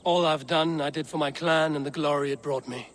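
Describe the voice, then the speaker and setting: A man voicing a calm Viking raider leader in a video game, measured and plain-spoken. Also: fairly high pitch, slight background noise, lightly acted. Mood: steady.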